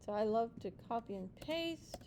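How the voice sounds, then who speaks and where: A woman's voice: on the high side, expressive, moderate pace, noisy background. A woman teaching a Spanish class, explaining step by step, checking in with students and mixing in Spanish praise and playful nicknames.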